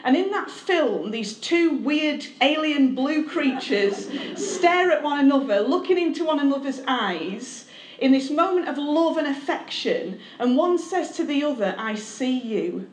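A woman's voice: high-pitched, animated, measured pace, hardly any pauses, slight background noise. A woman, a pastor giving a candid, conversational testimony sermon with self-deprecating humor. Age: 30s. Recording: echoey room.

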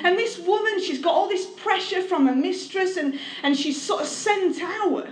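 A woman's voice: very high-pitched, unhurried, slight background noise. A woman, a pastor giving a candid, conversational testimony sermon with self-deprecating humor. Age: 30s. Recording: echoey room.

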